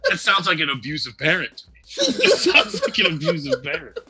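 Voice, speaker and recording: A man co-hosting a casual chat show, animated and laughing often, acting out quoted lines as he talks. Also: fairly high pitch, fairly quick, slightly rough. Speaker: co-host. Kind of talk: casual chat about tabletop games and anime.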